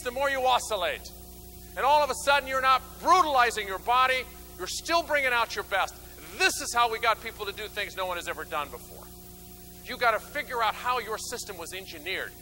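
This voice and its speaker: A man giving an energetic motivational talk from a stage, acting out little scenes and swinging from loud bursts to low mutters. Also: low-quality recording. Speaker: motivational speaker. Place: stage before an audience.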